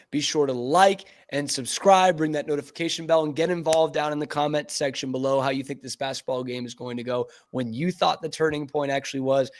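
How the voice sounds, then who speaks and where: A man hosting a sports podcast, chatting casually and with enthusiasm. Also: fairly high pitch. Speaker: podcast host.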